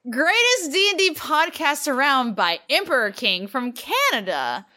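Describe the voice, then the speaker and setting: Woman, high bright voice that swoops widely, giggly podcast co-host reading reviews. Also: big pitch swings, a little slow. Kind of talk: casual chat, reading listener reviews aloud.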